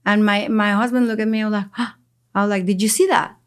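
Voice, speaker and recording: A woman's voice: mid-range voice, fairly even intonation, brisk, smooth. Emotional, storytelling woman guest. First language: Spanish. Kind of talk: casual heartfelt conversation.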